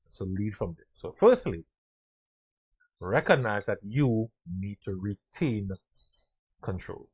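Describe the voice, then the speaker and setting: A middle-aged man giving a motivational talk on leadership, earnest, acting out quotes and sounds, swinging between loud and soft. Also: lowish voice, animated, slow pace, husky. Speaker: leadership speaker.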